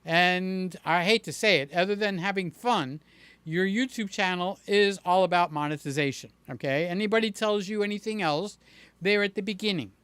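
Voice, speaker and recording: A man with a slightly bright, clean voice hosts an easygoing livestream, slowly chatting as he reads viewers' messages and answers them by name. Showing his playful streak, he breaks into a high voice to amuse a child. No room sound is audible.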